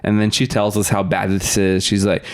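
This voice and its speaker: A man's voice: lowish voice, completely flat delivery, moderate pace. A young man, a podcast guest, casually telling stories and laughing often. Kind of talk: casual storytelling.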